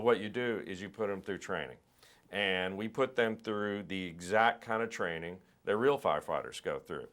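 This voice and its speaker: A middle-aged film director in a relaxed interview, thoughtful and explaining at length, often restarting and repeating words. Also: male voice, fairly low pitch.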